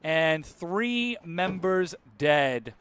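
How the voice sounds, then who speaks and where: Bright high-voiced male esports caster. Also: very slow, a little hiss or hum. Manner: excitable, builds to hyped shouts on big plays. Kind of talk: play-by-play esports commentary.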